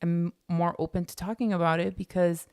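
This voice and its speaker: Woman guest, low and gravelly, earnest and open, bilingual chat feel. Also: steady tone, a little fast, a little mellow, dry recording, clean studio sound. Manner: earnest, emotional, quotes others in little voices. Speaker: podcast guest. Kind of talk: candid personal conversation.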